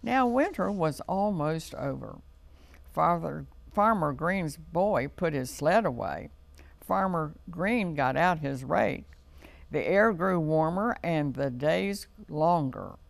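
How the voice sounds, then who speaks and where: A man reads a children's storybook aloud, gently and unhurriedly. His voice is deeply gravelly and he takes his time over every phrase. The sound is close and dry. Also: lively intonation, no echo. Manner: slow, gentle read-aloud delivery.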